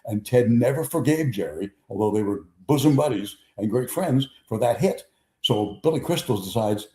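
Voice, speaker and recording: Mellow-voiced older sports storyteller. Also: male voice, medium pitch, normal speed. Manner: animated raconteur, acts out quotes. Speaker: sports show host. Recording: echoey room.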